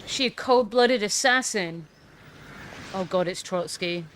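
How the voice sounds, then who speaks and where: A woman's voice: mid-range voice, slow, a little hiss or hum. A woman casually commenting on a historical film, rambling with fillers and the odd swear word. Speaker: political commentary streamer.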